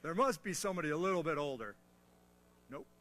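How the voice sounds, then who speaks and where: Lively, joking male motivational speaker. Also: on the high side, quick pace. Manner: animated storytelling with self-mocking asides; playful, audience-teasing humor. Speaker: guest speaker on mentoring. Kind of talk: motivational talk to a military audience.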